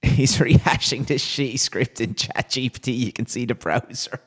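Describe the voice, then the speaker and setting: A man's voice: mid-range voice, moderate pace, slightly rough, in a large hall. A man hosting a livestream, reading viewers' comments aloud and answering them with wry, amused banter. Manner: wry, chatty, reacts to chat with amused banter. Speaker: livestream host.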